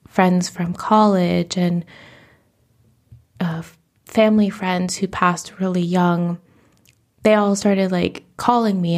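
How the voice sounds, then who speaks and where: A woman's voice: on the low side, gravelly, a little mellow. A woman in her thirties hosting a podcast, talking candidly and emotionally about herself, close to tears at times. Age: 30s. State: teary. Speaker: podcast host. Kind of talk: reflective personal monologue.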